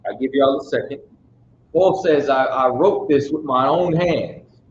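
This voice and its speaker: In a roomy, dull-sounding recording with faint noise, an unhurried man with a mid-range voice leads a Bible study. He talks in a casual, street-style, emphatic way and keeps checking that everyone is with him.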